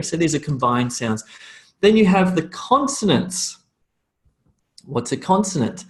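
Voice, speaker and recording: Man, slight Australian accent, English teacher, live class, demonstrates sounds, jokey asides, medium pitch. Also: animated, normal speed. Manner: demonstrates sounds by repeating them; jokey, checks in with "okay?".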